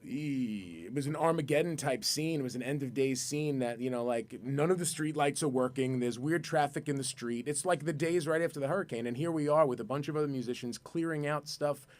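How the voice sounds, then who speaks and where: A man from Brooklyn, a musician guest telling a long, excitable story in a radio studio and repeating his words. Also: medium pitch, a little fast, hardly any pauses. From Brooklyn, New York. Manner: rambling, excitable, repeats words, acts out voices.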